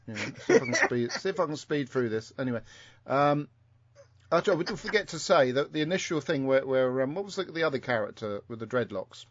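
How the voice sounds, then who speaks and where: A man's voice: medium pitch, animated, fairly quick, slight background noise. A man hosting a casual podcast chat, rambling through a story with many ums and restarts. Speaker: podcast host. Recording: dull lo-fi sound.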